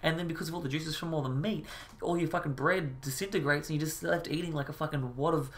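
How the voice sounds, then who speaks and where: A man's voice: fairly high pitch, steady tone, quick pace, a bit bright. Brief: a profane, frustrated male commentator who rants about a video. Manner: profane, exasperated ranting. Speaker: reaction video host. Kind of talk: ranting commentary.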